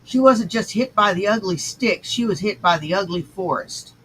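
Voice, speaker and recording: A woman's voice: medium pitch, expressive, moderate pace, fairly bright tone, husky, poor audio. A woman hosting a livestream, reacting to clips with scornful, insulting commentary. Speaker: stream host reacting to clips.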